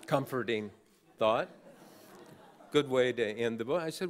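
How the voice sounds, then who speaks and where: Slow-talking man in his sixties, dry humor. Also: mid-range voice. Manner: halting, frequent uh fillers, dry wry humor. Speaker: award recipient giving acceptance speech. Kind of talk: anecdotal speech to an audience. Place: large banquet hall on stage.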